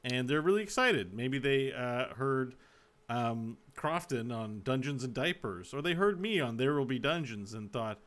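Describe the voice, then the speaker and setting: A man's voice: medium pitch, lively intonation, unhurried, a bit bright. A man co-hosting a podcast in casual chat, blunt and joking, with many restarts. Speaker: podcast co-host.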